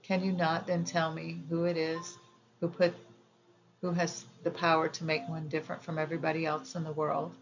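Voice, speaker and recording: A woman's voice: low-pitched, completely flat delivery, normal speed, highs cut off, a little hiss or hum. A woman reading the lines of a young fairy prince in a storybook, eager and exclaiming. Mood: pleading.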